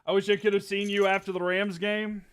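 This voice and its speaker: Hyped, high-voiced young man yelling. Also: flat delivery, a little fast, clear, resonant tone. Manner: yells and hypes, then talks to chat casually. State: losing his voice, hoarse. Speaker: streamer reacting to a football game. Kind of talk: excited live-stream reaction.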